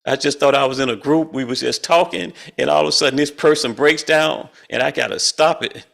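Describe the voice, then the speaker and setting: Guiding a spiritual study group on a video call, this middle-aged man talks fairly quickly with a fairly high, fairly bright voice and some vocal fry. He keeps the spiritual discussion casual, folksy and colloquial, chuckling frequently.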